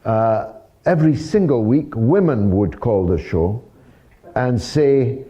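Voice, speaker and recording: A man's voice: mid-range voice, lively intonation, takes it slowly, warm tone, lo-fi sound. A Scottish man in his sixties, from Dundee, telling anecdotes with wry humor to a live audience. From Dundee, Scotland. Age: 60s. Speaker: host of a talk show. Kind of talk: storytelling talk to a live audience.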